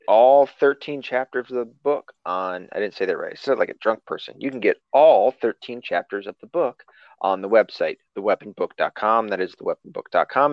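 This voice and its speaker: A man's voice: lowish voice, no room sound, lo-fi sound. A man hosting a casual podcast chat, loose and profane, laughing often. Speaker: podcast host.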